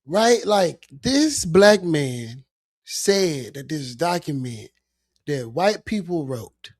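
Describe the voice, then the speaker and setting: Podcast co-host, man, unhurried and halting, casual political talk, dry sound. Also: a little high, big pitch swings, darkish tone, dry recording. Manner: slow, halting, incredulous.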